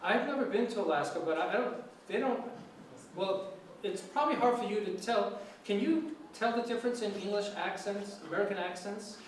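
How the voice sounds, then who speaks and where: A man's voice: sits high, brisk. Chatty lecturer man, echoey distant room. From New York City. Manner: relaxed, chatty, many fillers and restarts. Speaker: guest lecturer on English. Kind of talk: informal classroom talk. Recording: echoey room, from afar, faint hiss.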